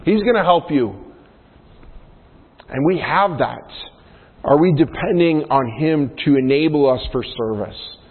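A man's voice: on the high side, animated, a little slow, long pauses, breathy edge. A man preaching a sermon as pastor, earnest, often putting questions to the congregation. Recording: tinny phone-like sound with long hall reverb.

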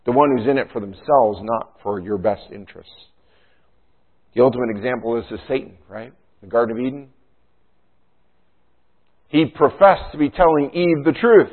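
A man's voice: mid-range voice, normal speed, pauses often. Man preaching over a tinny line. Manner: preaching, with rhetorical questions and frequent "right?". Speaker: pastor. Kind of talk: sermon. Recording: tinny phone-like sound.

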